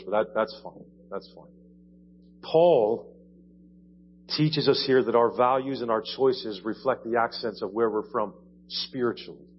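A man from Ohio preaching a sermon in a church, explaining with conversational asides. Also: medium pitch. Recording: dull lo-fi church audio, faint hum.

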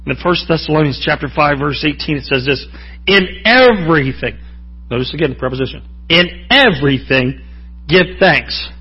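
A man's voice: fairly high pitch, quick pace, hardly any pauses, husky, muffled recording. A man preaching a sermon in a folksy, joking way, often calling out to the congregation for an amen. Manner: folksy, joking, asks the crowd for amens.

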